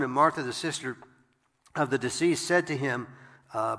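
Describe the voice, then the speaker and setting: A man delivers a sermon, reading scripture and stopping to add wry, conversational asides. His voice is gravelly with a bright, forceful edge. The sound carries the long reverb of a large room. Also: mid-range voice, moderate pace. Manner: reads scripture aloud and breaks in with wry asides. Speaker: pastor.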